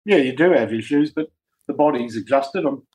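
A man's voice: mid-range voice, lively intonation, moderate pace, a little mellow. A man telling a comic phone story in casual chat, acting out the voices as he goes. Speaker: guest on a chat show.

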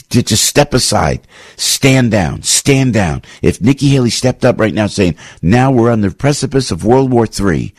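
Fired-up older man, deep husky voice. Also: darkish tone, dry recording, clean studio sound. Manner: fired up, pleading, repeats himself with restarts. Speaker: radio show host. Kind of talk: impassioned political monologue.

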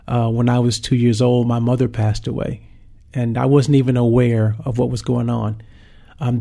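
Warm-voiced man sharing a heartfelt testimony. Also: mid-range voice. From St. Louis, Missouri, USA. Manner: earnest, heartfelt storytelling with frequent ums. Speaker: worship leader. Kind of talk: personal faith testimony.

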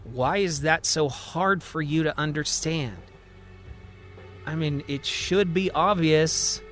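An insistent man who swears he is the president, as a male narrator puts him on, his voice set apart from the storyteller's usual tone. He speaks with firm conviction that slides into pleading, and his pitch sits a touch raised. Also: slow pace, fairly bright tone, faint music behind.

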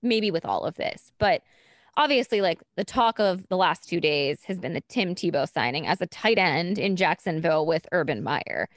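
A woman talking sports in a casual chat, her pitch swinging widely and her voice dry and close. She is opinionated and chatty, with plenty of fillers. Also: animated, moderate pace, dry recording. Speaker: sports podcast co-host.

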